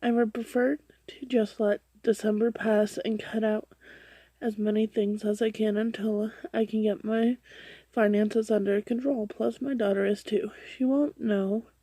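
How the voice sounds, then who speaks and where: A woman reading a forum post aloud, halting and often stumbling, restarting words and correcting herself. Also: medium pitch, level tone, mellow, no echo. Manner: drops to a whisper for her own asides. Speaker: reader of online posts.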